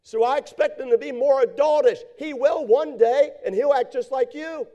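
A man preaching a sermon, repeating phrases in a steady cadence and acting out the people in his stories. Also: extremely high pitch, normal speed, dull audio. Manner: repetitive preaching cadence, acts out quoted voices. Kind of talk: sermon with storytelling.

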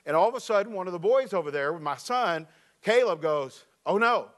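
A preacher man with a fairly high voice gives an animated, storytelling sermon and reads scripture aloud. His voice sounds a little weak and worn. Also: a little fast. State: slightly weak voice. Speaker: pastor.

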